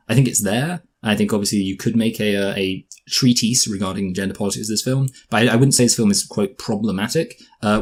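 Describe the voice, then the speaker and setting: A man with a husky, lowish voice talks fast through a casual film review. He rambles and restarts often, with a jokey tone. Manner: rambling, self-correcting, jokey. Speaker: podcast co-host, film reviewer.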